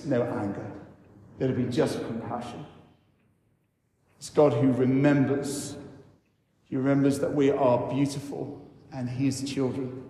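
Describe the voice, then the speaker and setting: A man who is a vicar, giving a sermon in a church and telling the story slowly with reflective pauses. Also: mid-range voice, mellow. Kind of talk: sermon talk. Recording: echoey church hall.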